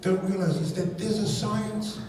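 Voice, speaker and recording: A man telling a comic story on stage in an animated, playful way, acting out the people in it. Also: high-pitched, moderate pace. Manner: animated, playful, acts out characters. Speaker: stand-up comedian. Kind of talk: stand-up comedy storytelling. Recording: echoey venue, distant mic, noise.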